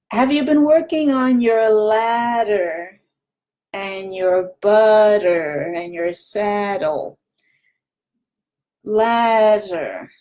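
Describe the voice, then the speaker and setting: A woman teaching a Spanish lesson at a very slow, unhurried pace and a mid pitch. She patiently repeats practice words and demonstrates sounds, drawing out each one for the learner. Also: darkish tone. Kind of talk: recorded language lesson.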